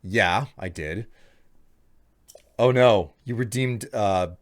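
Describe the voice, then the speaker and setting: A man's voice: lowish voice, takes it slowly. A man streaming a game live, talking casually and chattily to his viewers, often trailing off and restarting. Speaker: livestreamer. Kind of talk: casual livestream gameplay chat.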